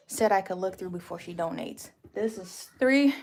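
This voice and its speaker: A woman's voice: mid-range voice, moderate pace, few pauses, darkish tone, slight background noise. A woman chatting casually in a home craft vlog, rambling with lots of fillers and restarts. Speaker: craft vlogger and small shop owner.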